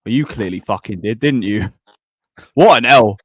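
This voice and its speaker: Guy hosting a footy stream, bouncy pitch, dry close mic, shouts out donors. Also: lively intonation, unhurried, dry recording. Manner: reads donations, teasing banter. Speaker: channel host. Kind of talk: live stream football chat.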